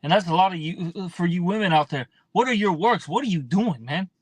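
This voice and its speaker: High-voiced blunt man preaching. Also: lively intonation, husky, dry recording. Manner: blunt, profane, drawn-out, fills with "man". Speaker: scripture teacher. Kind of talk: casual preaching with scripture reading.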